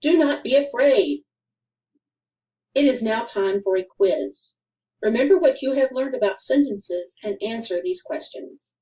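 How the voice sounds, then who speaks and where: A woman reading a grammar lesson for children aloud, in a careful, deliberate way with clear pauses. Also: a little high, dark tone, far from the mic, poor audio. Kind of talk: slow scripted instructional narration.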